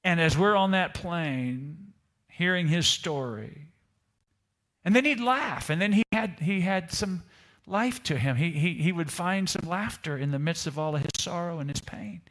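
A male pastor delivers a storytelling sermon and draws the congregation in with rhetorical questions. His voice sits a little high for a man and has a bright, forceful ring. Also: measured pace. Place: church service in Italy.

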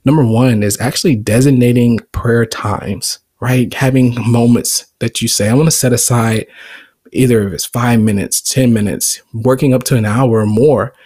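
A man's voice: medium pitch, fairly even intonation, normal speed, hardly any pauses, a little mellow, breathy edge, no echo. A man hosting a devotional podcast, teaching on scripture in an earnest, reflective way and chuckling now and then. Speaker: podcast host.

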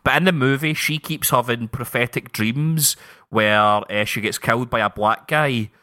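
Sweary Scottish man, bright voice. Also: medium pitch, normal speed. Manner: sweary, animated storytelling with quoted voices. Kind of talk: casual chat.

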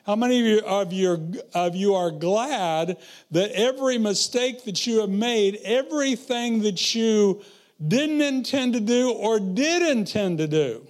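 High-voiced man preaching slowly. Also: lively intonation. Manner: asks the congregation questions, quotes scripture. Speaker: pastor. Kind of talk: sermon.

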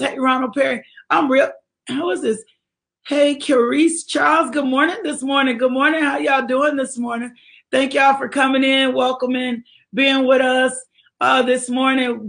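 A woman hosts a livestreamed morning devotional for her ministry. She speaks in a lively, exhortative way and greets viewers by name. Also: high-pitched. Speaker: ministry leader hosting a devotional.

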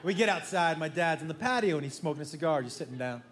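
Animated stand-up man, high lively voice. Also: quick pace. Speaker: stand-up comedian. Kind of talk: stand-up comedy routine. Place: comedy club stage before a laughing audience. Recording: roomy live club sound with noise.

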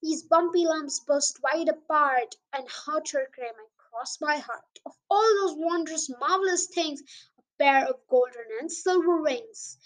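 A woman's voice: high-pitched, unhurried, low-quality recording. A young girl hosting her own podcast, reading a children's poem aloud in an eager, sing-song way. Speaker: podcast host and reader.

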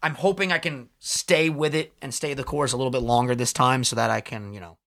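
A twenty-something man co-hosts a casual podcast, his medium-pitched voice steady, fairly bright, and a little fast. The chat is loose, jokey banter sprinkled with swearing.

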